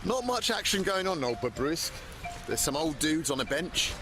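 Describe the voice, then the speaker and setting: Over music and loud street noise from a video clip, a slightly high man talks in a sing-song way at a moderate pace. The travel vlogger narrates casually and wryly to his handheld camera, strolling town streets before settling into a bar.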